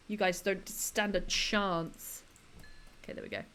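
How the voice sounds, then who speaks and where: A woman's voice: mid-range voice, steady tone, unhurried, a bit bright, clear, resonant tone. A woman chatting casually with her live-stream viewers while she plays a building game, giggling often and answering chat between tasks.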